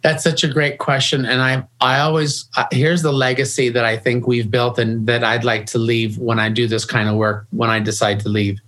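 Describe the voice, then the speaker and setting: A man's voice: medium pitch, level tone, normal speed, hardly any pauses, a bit bright. A middle-aged man guesting in an interview, speaking earnestly and often restarting and repeating his words. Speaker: grief organization founder, guest. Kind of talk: conversational interview.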